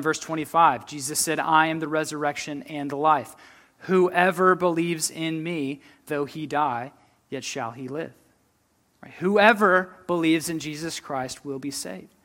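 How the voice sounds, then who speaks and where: A man's voice: on the high side, a bit bright. A man preaching a sermon with earnest conviction, often repeating words and asking "right?" as he reads and explains Scripture. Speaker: pastor.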